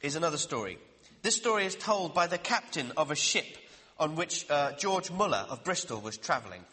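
Preacher, male, bright lively voice, earnest sermon, reverberant hall. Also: fairly high pitch. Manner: earnest, questioning, slows down for emphasis.

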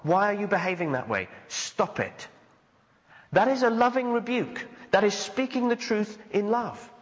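High-voiced preaching man in an echoey hall. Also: lively intonation, moderate pace. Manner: earnest, conversational preaching with acted-out quotes. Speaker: pastor. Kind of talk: sermon. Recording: dull sound with long hall reverb.

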